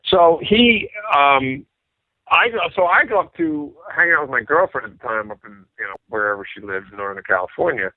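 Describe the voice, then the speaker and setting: A middle-aged man, a rock bassist being interviewed, telling anecdotes in a casual way and acting out what people said. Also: moderate pace, no echo. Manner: animated anecdotes, acts out quoted dialogue. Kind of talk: casual storytelling. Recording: dry tinny phone-like sound.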